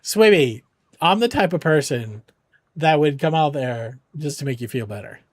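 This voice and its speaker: Male game streamer, high-pitched, dry close mic, loose joking banter with chat. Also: animated, moderate pace, dry recording. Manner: joking, rambling, reassuring. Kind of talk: casual chat with viewers.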